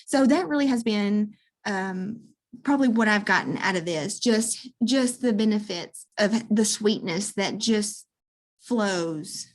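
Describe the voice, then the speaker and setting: A woman's voice: mid-range voice, unhurried. A woman chatting casually about her direct sales business, earnest and heartfelt, with plenty of fillers. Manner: earnest, warm-hearted testimonial with many fillers. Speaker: guest, direct sales seller. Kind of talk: casual chat.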